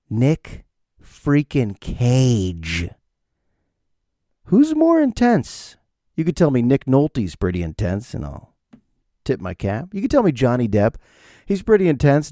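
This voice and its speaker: A man's voice: mid-range voice, mellow, dry recording, clean studio sound. A man hosting his own podcast, rambling jokily through a solo monologue and talking to himself. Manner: rambling, jokey, talks to himself. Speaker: podcast host.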